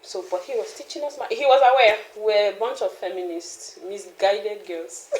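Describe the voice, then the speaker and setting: Animated woman telling her story. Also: medium pitch, moderate pace, reverberant, rough recording. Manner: animated, laughs often, trails off and restarts. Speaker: founder of a mothering community, interview guest. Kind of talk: candid personal storytelling.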